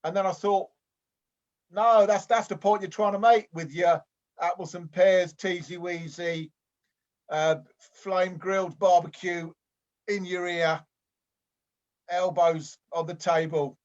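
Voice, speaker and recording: A man plays a lonely, well-meaning amateur boxer who rambles and stumbles through every thought. His voice sits high and earnest. The audio is dull and lo-fi, from a video call. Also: fairly even intonation, slow, long pauses. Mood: eager. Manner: hesitant and rambling, full of restarts. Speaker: improv performer. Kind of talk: improvised comedy sketch.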